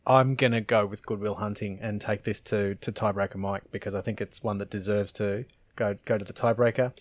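A man's voice: lowish voice, fairly even intonation, brisk, no room sound. Laid-back man telling stories. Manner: rambling, laughing anecdotes. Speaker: podcast co-host. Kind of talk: casual chat.

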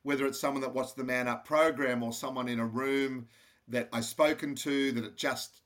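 A man's voice: medium pitch, fairly even intonation, normal speed, fairly bright tone. An Australian man, a podcast guest, speaking earnestly and steadily about his foundation in an interview. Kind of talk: interview conversation.

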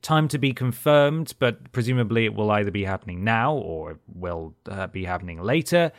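A man co-hosting a podcast, closing out the episode in casual chat and trailing off softly at the ends of phrases. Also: fairly low pitch, expressive, fairly quick, no room sound, studio quality. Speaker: podcast co-host.

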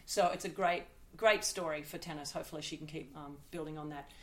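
A woman's voice: sits low, fairly even intonation. A woman co-hosting a casual talk show, a former serve-and-volley player who talks emphatically and jokes easily. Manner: chatty, emphatic, quick to joke. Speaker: podcast co-host. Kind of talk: casual chat.

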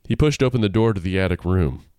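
Guy reading a spooky story on a podcast, low voice, dry close sound. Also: animated, quick pace, darkish tone, clear, resonant tone, dry recording. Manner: reads aloud with playful asides and laughter. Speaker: podcast co-host. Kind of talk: casual chat and story reading.

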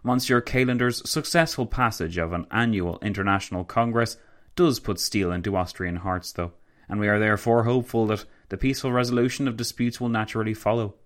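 A man's voice: lowish voice, steady tone, a little fast, natural voice. A man reading a formal statesman's speech. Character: formal, hopeful male Austrian statesman.

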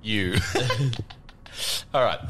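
A man's voice: on the low side, very slow, very noisy. A man, hosting a casual podcast, joking and teasing his co-hosts and laughing often. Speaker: podcast host.

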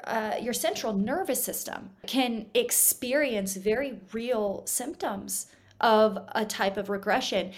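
A hypnotherapist appears as a guest on a studio podcast, her voice pitched a little high. She explains her work in an animated, teacherly way, raising and lowering her volume to demonstrate her points.

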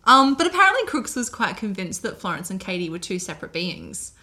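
A woman's voice: mid-range voice, very animated, fairly quick, bright, forceful tone. A woman co-hosting a casual podcast, telling a history story in a chatty way and laughing often. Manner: chatty, laughs often, puts on mock voices. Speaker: podcast co-host.

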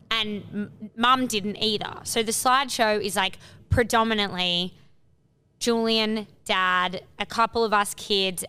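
A woman's voice: mid-range voice, bright, forceful tone, clear, resonant tone. A young woman co-hosting a podcast, telling a family story in a rambling casual way with lots of "like" and some swearing. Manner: rambling, heavy use of "like", swearing. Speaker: podcast co-host.

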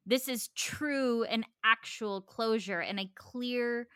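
A woman in a casual chat who chimes in quickly. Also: fairly high pitch, fairly bright tone, clear, resonant tone, no echo, studio quality.

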